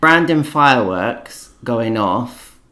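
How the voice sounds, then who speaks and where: A young man with a Cockney accent, co-hosting a podcast in casual chat, talking fast with lots of fillers and restarts. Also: medium pitch, animated, sharp tone. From England. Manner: chatty, ranting, lots of likes and restarts. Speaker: podcast co-host.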